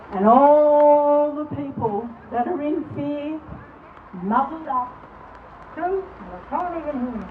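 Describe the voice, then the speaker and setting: A woman's voice: high-pitched, takes it slowly. An Australian woman giving an impassioned outdoor protest speech in the rain. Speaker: rally speaker. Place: outdoor street rally in rain. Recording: distant tinny phone-like sound, noise.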